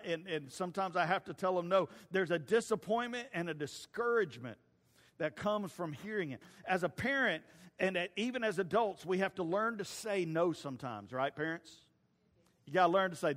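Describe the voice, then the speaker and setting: A man's voice: fairly high pitch, fairly bright tone. A man preaching a sermon, telling folksy family stories with stumbling restarts. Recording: long reverb of a large hall.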